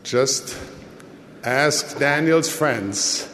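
A man giving a sermon in a measured, deliberate way, with his voice rising and falling for emphasis. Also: mid-range voice, a bit bright, slight background noise. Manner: slow, measured delivery with dramatic rises and drops. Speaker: church leader. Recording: long hall reverb.

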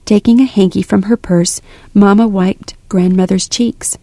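A woman narrating a storybook in an even, measured reading voice. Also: medium pitch, creaky, no room sound. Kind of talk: storybook read-aloud narration.

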